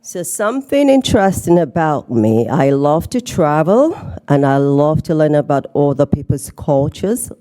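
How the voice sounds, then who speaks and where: A woman's voice: deep voice, big pitch swings, measured pace, dark tone. A middle-aged woman from Nigeria with a Nigerian and slightly British accent, giving a playful conference keynote talk. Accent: Nigerian with some British. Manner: playful, teasing the audience. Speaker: keynote speaker. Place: conference hall.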